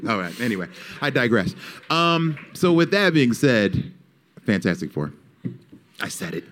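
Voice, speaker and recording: A man in casual storytelling, acting out quoted lines and laughing often, with many fillers. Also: a little slow. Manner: animated, acts out quotes with big pitch jumps. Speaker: panel guest.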